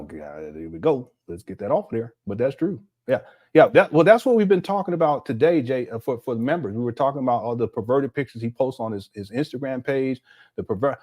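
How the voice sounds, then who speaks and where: An indignant man hosts a reaction commentary, breaking down video clips and talking straight to his viewers. His voice sits at an ordinary mid pitch. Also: darkish tone. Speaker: commentary channel host.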